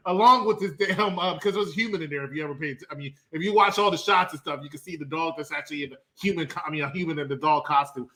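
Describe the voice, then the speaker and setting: Loud high-voiced joking man. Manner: rowdy, joking, loud comic retellings. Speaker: movie review show host. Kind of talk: casual movie review chat.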